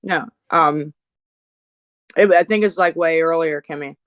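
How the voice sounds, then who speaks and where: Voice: medium pitch, unhurried, fairly bright tone, clear, resonant tone, no echo, low-quality recording. Hesitant, filler-heavy chat moderator. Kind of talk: casual voice chat.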